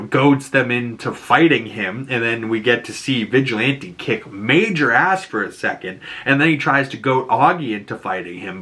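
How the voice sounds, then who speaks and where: A man's voice: medium pitch, pushed and bright. A man with a Boston accent recapping a TV episode in casual, profane chat, laughing and jumping into characters' lines. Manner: swearing, laughing, acting out characters' lines in a raised voice. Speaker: show recap host.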